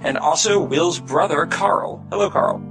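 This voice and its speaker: A man's voice: fairly high pitch, measured pace, over music. A man from Texas hosting a casual podcast chat in an upbeat way, with fillers and laughs. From Houston, Texas. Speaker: podcast host.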